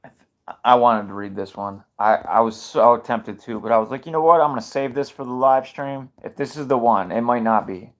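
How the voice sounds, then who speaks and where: A man's voice: mid-range voice, normal speed. A man giving opinionated livestream commentary, fired up, firing rhetorical questions and restarting sentences mid-thought.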